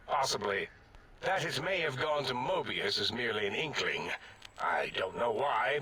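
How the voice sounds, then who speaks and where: A pompous, scatterbrained mad scientist from a video game. He rambles and contradicts himself in a bright, tense, husky voice. His pitch sits in a middle range for a man. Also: heavily acted. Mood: evasive. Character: eccentric, rambling, self-important male mad scientist. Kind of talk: game character dialogue.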